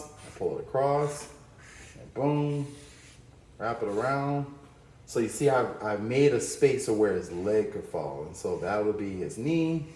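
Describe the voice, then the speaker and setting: A man's voice: on the low side, darkish tone, reverberant. A man teaching a cartoon drawing lesson, upbeat and playful as he talks through each stroke. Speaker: art teacher.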